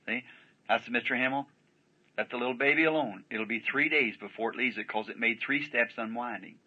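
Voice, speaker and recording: A preacher tells his story in a bright, forceful voice with a husky grain, folksy and rambling, checking in with his listeners again and again. He comes through a dull, muffled archival tape. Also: mid-range voice, a little fast. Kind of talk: sermon storytelling.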